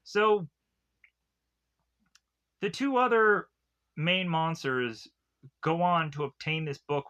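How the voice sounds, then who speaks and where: A man talks through a cartoon episode, rambling and loose, with filler words in nearly every sentence. His voice sits a little high and sounds bright and forward. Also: animated, slow pace, pauses often, muffled recording. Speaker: cartoon reviewer. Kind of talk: casual episode recap.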